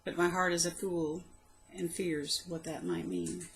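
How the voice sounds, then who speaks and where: Low-voiced woman reading her poems. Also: very animated, slight background noise, low-quality recording. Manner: soft, slow and reflective, with spoken asides between poems. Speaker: poetry reader.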